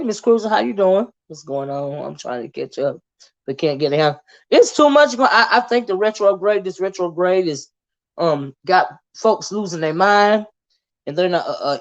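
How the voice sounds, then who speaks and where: A woman hosting a casual livestream and greeting her viewers by name in a folksy, chatty way. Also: sits low. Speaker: livestream host. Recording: dull lo-fi stream audio.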